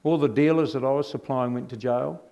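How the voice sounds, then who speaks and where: A middle-aged man tells his own life story as a testimony. He speaks in an animated way and often turns to the audience with rhetorical questions. His voice sits at an ordinary male pitch. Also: fairly quick, creaky, muffled recording. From New Zealand.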